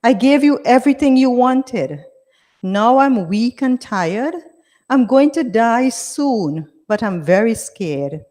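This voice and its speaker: Storybook role: woman narrator plays a frail, frightened dying mother, pleading softly and slowly, voice pitched a little high, hall reverb. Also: animated.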